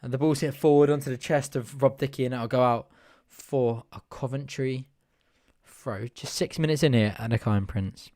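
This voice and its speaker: A young man hosting a live fan watch-along, giving chatty, partisan play-by-play that bursts into excited shouting at chances. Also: medium pitch, normal speed, dry recording, studio quality.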